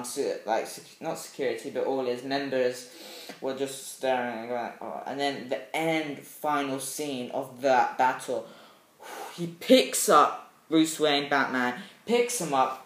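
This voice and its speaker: A man chatting casually about a film he loves, excitable and rambling, with lots of fillers and sound effects. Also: mid-range voice, reverberant, low-quality recording. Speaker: movie fan vlogger. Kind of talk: casual film review chat.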